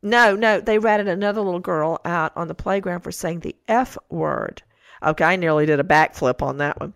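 A woman's voice: lowish voice, normal speed, gravelly, dry recording. Incredulous storytelling woman, dry sound. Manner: storytelling, quoting her kids with incredulous outbursts. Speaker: co-host. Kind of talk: animated true-crime podcast chat.

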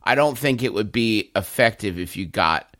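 A man's voice: fairly low pitch, animated, moderate pace, a bit bright, dry recording, studio quality. A man co-hosting a comedy podcast, reading a listener question and spinning absurd scenarios in loose, rambling banter. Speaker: podcast co-host.

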